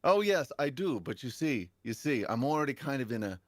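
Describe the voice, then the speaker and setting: A young man tells a comic story on a casual podcast panel. He swears often, and his voice swings widely in pitch and loudness. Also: a little fast, no room sound, clean studio sound. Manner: animated, profane, big swings in pitch and volume. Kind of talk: comedic storytelling in casual chat.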